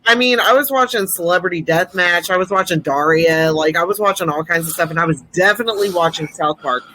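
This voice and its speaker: Bright teasing woman on a podcast. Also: fairly low pitch, fast talker, slight background noise, low-quality recording. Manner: laughs easily, teasing. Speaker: podcast co-host. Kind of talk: casual chat.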